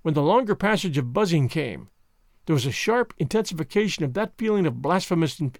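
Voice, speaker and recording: Man reading horror with a lively voice. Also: a little high, no room sound, studio quality. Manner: slow, solemn, chanting delivery. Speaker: narrator. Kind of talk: dramatic audiobook reading.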